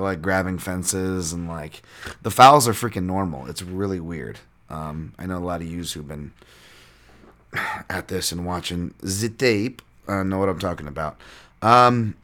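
Low-voiced man rambling through fight picks. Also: fairly bright tone. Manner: loose, rambling, swears often, many fillers. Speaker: podcast host and fight analyst. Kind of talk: casual podcast breakdown.

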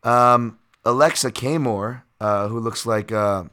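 A man's voice: medium pitch, slow pace, sharp tone, clear, resonant tone. A man hosting a podcast, giving a casual, rambling breakdown of fights and bets with lots of fillers and the odd swear. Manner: rambling, filler-heavy, occasional profanity. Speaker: podcast host and fight analyst. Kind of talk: casual betting breakdown monologue.

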